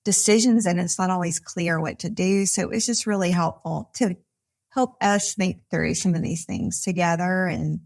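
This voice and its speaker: A woman's voice: fairly low pitch, steady tone, normal speed, gravelly, darkish tone. A woman therapist, a podcast guest, talking casually at a live conference recording, with many fillers and restarts. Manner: chatty, many fillers and restarts, frequent laughter. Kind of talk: casual conversation.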